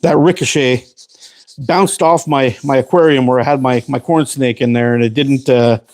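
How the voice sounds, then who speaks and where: A Canadian man hosts a casual storytelling show, his mid-range voice steady and darkish at normal speed. He tells rambling, profanity-filled stories and laughs often.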